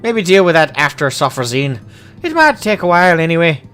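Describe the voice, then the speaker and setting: A man's voice: on the high side, big pitch swings, fairly quick, sharp tone, clear, resonant tone, soft background music. A man voicing a jovial, hard-drinking male dwarf adventurer in a put-on Irish accent, hearty and boastful. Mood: teasing. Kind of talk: voicing game dialogue aloud.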